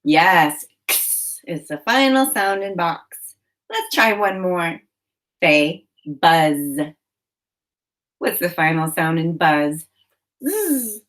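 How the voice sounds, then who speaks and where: Very slow-speaking woman teacher. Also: on the low side, fairly bright tone. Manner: slow, deliberate prompts with praise. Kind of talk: phonemic awareness lesson for children.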